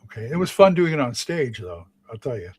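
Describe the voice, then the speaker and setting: A man's voice: mid-range voice, big pitch swings, brisk, darkish tone, breathy edge, no echo. A man chatting casually on a live show, telling rambling stories about his stage acting with many restarts. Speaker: regular of a live chat show, stage actor. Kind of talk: casual chat.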